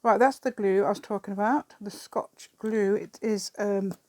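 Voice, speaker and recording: A woman's voice: mid-range voice, steady tone, normal speed, darkish tone, no room sound. A woman chatting casually while she crafts at an outdoor table, rambling along with self-deprecating asides. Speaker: craft vlogger. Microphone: camera set on the table.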